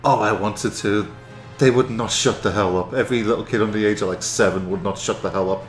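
Sarcastic man with a lowish voice. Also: steady tone, brisk, roomy sound, faint music behind. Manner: dry sarcastic quips. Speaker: podcast guest. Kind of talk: casual podcast chat.

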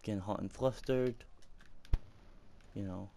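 Swearing in frustration and laughing at himself, a young man records let's-play commentary for his gaming channel in his room at home, window open, using the microphone at his computer. His voice is on the low side, unhurried and gravelly with a dark tone, and there's slight background noise.

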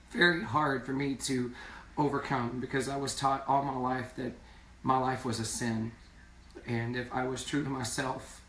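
A male singer talks earnestly in a casual live video chat, repeating words for emphasis. His voice is medium-pitched with a fairly bright tone, and the audio is roomy and distant, with a little hiss or hum.

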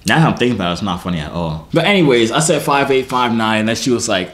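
A man's voice: mid-range voice, animated, quick pace, hardly any pauses, fairly bright tone. A young man YouTuber telling a comic story to his viewers, self-mocking and slangy, breaking things down as he goes.

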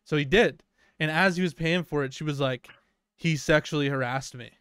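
This young man's voice is fairly high, fairly bright, clear, and resonant, at a normal speed and in echo-free studio quality. As a podcast co-host, he rambles through a long workplace anecdote packed with fillers and profanity.

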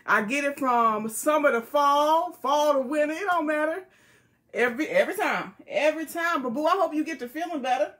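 A woman's voice: high voice, a bit bright. A woman hosting a live jewelry sale, chatting in a folksy, friendly way and greeting viewers by name, recorded on a tablet. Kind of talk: casual live-stream selling chat. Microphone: tablet device.

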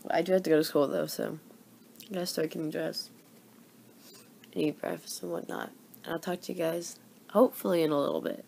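A woman's voice: lowish voice, brisk, gravelly, pauses often, a little hiss or hum. A young woman talking casually in a daily vlog, chatty and apologetic, often tired. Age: young adult. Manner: gushing excitement around animals. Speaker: vlogger.

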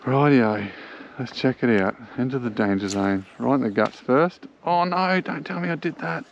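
An Australian man giving excitable, chatty commentary while fishing from a small boat on a creek, talking to the fish he catches. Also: mid-range voice, normal speed, lo-fi sound, slight background noise. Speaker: angler filming his own fishing trip. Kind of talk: casual fishing vlog commentary.

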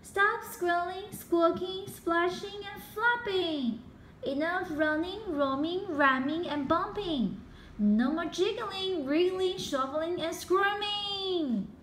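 A woman voicing a fidgety, defiant little schoolgirl who shouts commands in a storybook reading. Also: fairly high pitch, expressive, takes it slowly, hardly any pauses, a little hiss or hum. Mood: commanding. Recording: roomy echo.

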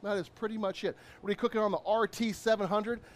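A man's voice: high-pitched, steady tone, fast talker. A man, a chef doing a live cooking demo in an upbeat, chatty way. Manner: upbeat, chatty, lots of shout-outs.

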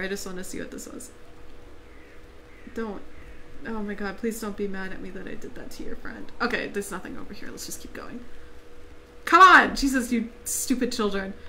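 A woman streamer giving live let's-play commentary, excitable and reactive, laughing, yelping, swearing freely and talking to the game characters. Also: a little high. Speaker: gaming streamer.

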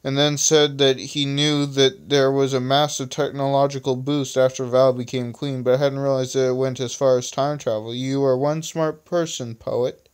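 A man's voice: medium pitch, level tone, moderate pace, few pauses, clean tone. A man casually reading his own story aloud, stumbling over typos and commenting on his own text, recorded on a phone. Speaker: amateur reader of his own stories.

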